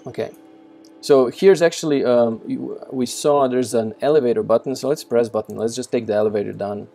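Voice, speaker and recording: A man's voice: medium pitch, brisk, gravelly, mellow. A man casually walking through a text adventure game, reading out its text and thinking aloud with many fillers and self-corrections. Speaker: game developer doing a walkthrough. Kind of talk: casual gameplay walkthrough.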